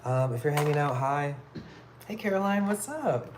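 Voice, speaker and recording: A man chatting casually on a live stream while he builds art pieces, rambling in a relaxed way with lots of fillers. He talks into a phone in an indoor workspace. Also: fairly high pitch, normal speed, noisy background. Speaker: livestreaming artist.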